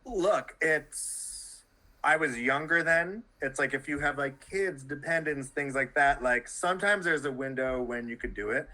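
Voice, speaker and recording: A man from Canada chatting as a podcast guest, his voice bright and forward. He rambles loosely, leaning on "like" and starting sentences over. The tone is casual and conversational. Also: on the high side, measured pace, low-quality recording. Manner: rambling, many "like"s and restarts.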